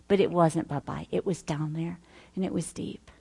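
Middle-aged female teacher, low-ish voice, earnest and conversational, works through a list. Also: steady tone, moderate pace, gravelly, dark tone, slightly rough. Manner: earnest, listing points with personal asides. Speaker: Bible study teacher. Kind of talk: teaching talk.

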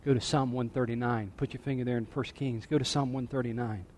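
A man preaching a sermon as pastor, dropping to a hush and then rising to emphatic points. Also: mid-range voice, fairly even intonation, fairly quick, long reverb tail, slight background noise. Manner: dynamic, drops to a hush then rises to emphatic. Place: church sanctuary.

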